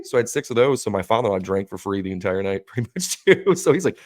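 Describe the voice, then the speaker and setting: A man with a somewhat low voice tells a long, meandering story in casual podcast chat. He swears freely and jumps into animated quotes of other people. The sound is close and dry. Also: quick pace, few pauses, dry recording. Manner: rambling, profane, animated quoting of others. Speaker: podcast co-host.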